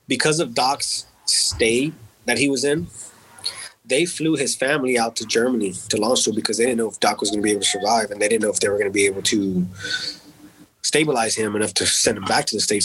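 A man's voice: on the low side, a little fast, a bit bright, a little hiss or hum, low-quality recording. A man and military veteran telling a personal story in a candid, casual way, swearing freely and dropping in words like "man" and "dude". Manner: candid and profane, with frequent fillers like "man" and "dude".

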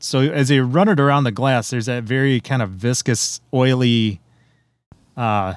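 A man's voice: mid-range voice, a little slow, no echo. Chatty man with a dry close sound. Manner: descriptive, chatty, laughs often. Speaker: beer reviewer. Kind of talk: casual tasting chat.

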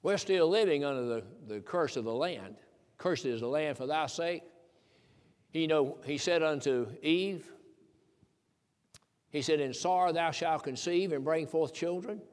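A man's voice: on the high side, unhurried, pauses often. Older preacher man in an echoing hall. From Tennessee. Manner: folksy, emphatic preaching with rising fervor and chuckles. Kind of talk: sermon. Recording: long reverb of a church hall.

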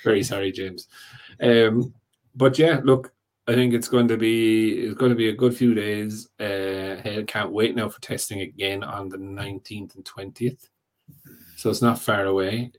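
A man with a fairly low voice hosts a loose podcast chat. He rambles, restarts his sentences and keeps checking in with his listener. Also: steady tone, a little slow. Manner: rambling, fills with "do you know what I mean". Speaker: podcast host. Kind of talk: casual chat.

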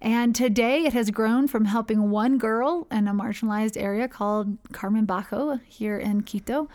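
A woman with a slightly high voice tells how she founded her charity, in a casual interview. She talks in a chatty, rambling way, full of fillers and restarts. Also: moderate pace, a little mellow. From United States.

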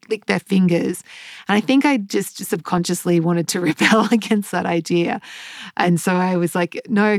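An upbeat woman in her thirties hosts a podcast, chatting casually and laughing now and then. Her voice sits a little low with a gravelly edge. It is recorded close and dry, with no room sound. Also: a little mellow, dry recording. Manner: chatty, upbeat, laughs often, many fillers. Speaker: podcast host.

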